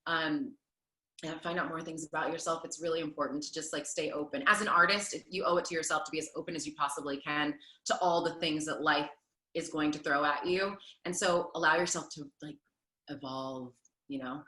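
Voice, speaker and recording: A woman in her thirties, a stage performer, answering interview questions in an animated, chatty way with lots of fillers. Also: low voice, fairly quick, reverberant, poor audio. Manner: animated, laughs often, many fillers. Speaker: Broadway performer, guest.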